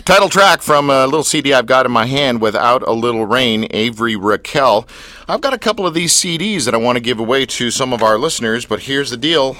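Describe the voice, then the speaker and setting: A man's voice: medium pitch, a little fast, no room sound. A man hosting a radio show, teasing and joking with his guests. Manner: teasing, playful, lively. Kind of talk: jokey radio chat.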